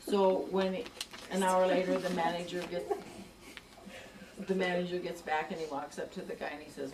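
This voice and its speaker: A woman telling a long joke story in an animated, chatty way, stammering and adding asides as she goes. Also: lowish voice, normal speed. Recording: echoey room, distant mic, background noise.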